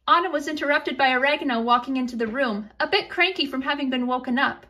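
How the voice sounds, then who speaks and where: High, bright chatty woman storyteller. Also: lively intonation, fairly quick, few pauses. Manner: chatty, with asides to listeners. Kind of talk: casual storytelling narration.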